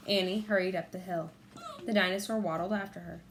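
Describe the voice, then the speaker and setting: A woman narrating a children's audiobook in a clear, measured storytelling manner. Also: lowish voice, steady tone, fairly bright tone, slight background noise. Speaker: audiobook reader.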